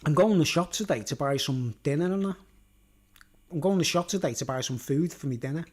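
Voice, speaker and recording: A man's voice: fairly high pitch, animated, brisk, a little mellow. A man rambling casually to camera in a vlog, swearing and filling his talk with "like" and "you know". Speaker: YouTuber.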